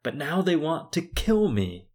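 A man's voice: on the high side, very animated, unhurried, darkish tone, slightly rough, voice pushed up, exaggerated voice. A man voicing a panicked, defensive male prophet who complains repetitively about his plight in a sermon.

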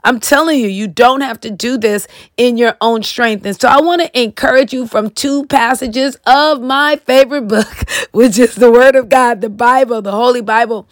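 A woman's voice: fairly high pitch, moderate pace, no room sound, clean studio sound. A woman in her fifties hosting her own devotional podcast, speaking in an earnest, emphatic way and repeating phrases for emphasis. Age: 50s. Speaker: podcast host. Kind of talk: personal devotional podcast talk.

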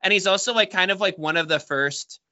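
A man as a podcast guest in casual chat, excitable, swearing and full of fillers. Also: high voice, a little fast, highs cut off.

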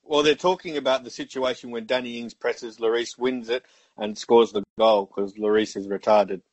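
A man's voice: medium pitch, fairly even intonation, moderate pace, no echo. A man co-hosting a casual football podcast, joking cheekily and swearing at his friends. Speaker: podcast co-host. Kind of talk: casual banter.

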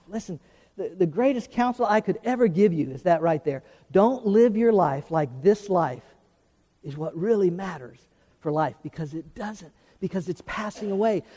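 A man preaching a sermon, animated and folksy, often repeating words as he teaches. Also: high voice. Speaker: pastor. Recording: long hall reverb.

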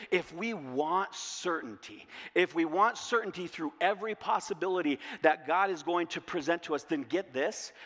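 A man preaching a sermon as pastor, repeating key phrases and asking rhetorical questions in a lively way. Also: a little high. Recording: long hall reverb.

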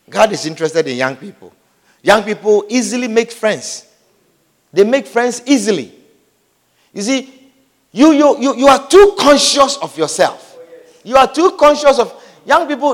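In an extremely high-pitched voice, a man preaches a lively, funny sermon, acting out scenes, repeating phrases, and frequently checking whether his listeners get it. The recording has a long hall reverb.

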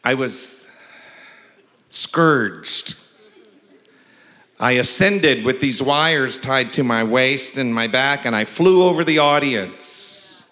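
A man's voice: medium pitch, takes it slowly, pauses often, pushed and bright. A man preaching a sermon as pastor, mixing humorous stories with emphatic scripture reading. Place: large church sanctuary. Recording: long reverb of a large church hall.

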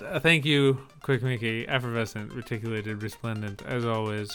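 A man's voice: mid-range voice, fairly even intonation, normal speed, few pauses, a bit bright, soft background music. Wry male podcast host. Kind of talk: casual podcast chat.

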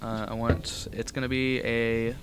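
A man's voice: mid-range voice, little pitch movement, unhurried, background noise. A man running a tabletop game as game master, talking in a loose, easygoing way with plenty of fillers.

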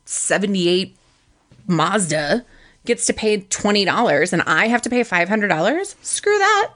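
A young adult woman co-hosting a podcast, telling a story in casual chat and acting out the people she quotes. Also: a little slow. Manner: animated, acts out quotes with pitch jumps. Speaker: podcast co-host.

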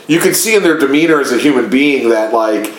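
A man's voice: mid-range voice, lively intonation, a little fast. Profane, heated man in an echoey room. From Chicago area. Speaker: podcast co-host. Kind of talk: casual podcast chat.

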